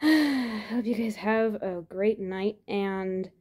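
A woman's voice: mid-range voice, very slow, a little mellow. A young woman out of breath after shoveling snow, chatting casually to her phone camera outdoors with sighs and laughs. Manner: chatty, sighing and laughing between phrases. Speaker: vlogger. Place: outdoors in deep snow by a driveway.

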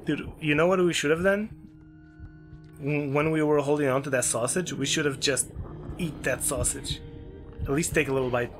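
A man giving let's play commentary on a horror game, excitable and yelping whenever something startles him. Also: normal speed, long pauses. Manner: excitable, yelps and jumps high when scared. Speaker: gaming YouTuber. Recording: game music playing behind.

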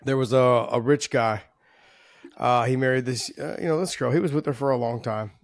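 A man's voice: mid-range voice, normal speed, vocal fry, no echo, studio quality. A man co-hosting a casual sports podcast, talking through fights in a chatty, analytical way. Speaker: podcast co-host.

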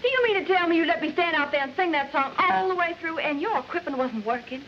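A vain woman singer with a Southern drawl, huffy and theatrical. Her voice sits high, and the old film sound is muffled and dull. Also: animated, fast talker, slight background noise. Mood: indignant. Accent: Southern American. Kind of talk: 1940s film acting.

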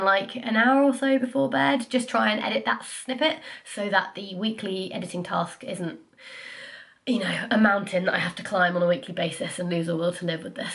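A woman's voice: medium pitch, fairly bright tone. A young woman, chatting casually to camera about her life, sniffly, self-deprecating and full of fillers. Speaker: vlogger.

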